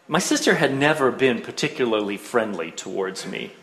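A man's voice: mid-range voice, animated, normal speed, gravelly, hardly any pauses, a bit bright. A middle-aged man telling a personal childhood story with wry, self-mocking humor. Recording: roomy echo.

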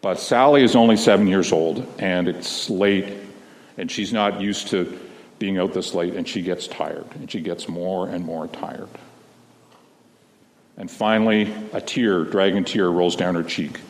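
A man, a minister, tells a children's story to a congregation in a gentle, slow storytelling manner, speaking to the children. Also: sits low. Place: large church sanctuary. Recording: long reverb of a big hall.

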